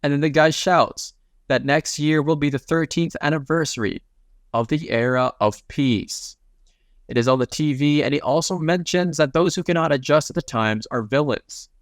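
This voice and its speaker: A man's voice: fairly high pitch, normal speed, no room sound, studio quality. A man narrating a comic recap in a casual, slangy way, retelling each panel in plain speech.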